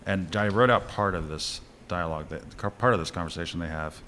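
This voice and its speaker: A man co-hosting a casual film chat, retelling scenes in an animated way with chuckles and fillers. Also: sits low, brisk, slight background noise. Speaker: podcast co-host reviewing a film.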